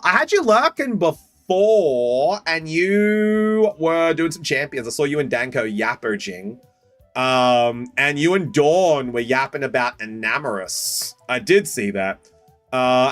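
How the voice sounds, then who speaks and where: A man streaming as he opens card packs, joking and chatting with viewers by name. His voice is bright and slightly high, and it swings around a lot as he talks. The mic is close and dry, with faint music playing behind him. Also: no room sound. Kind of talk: casual live-stream chat.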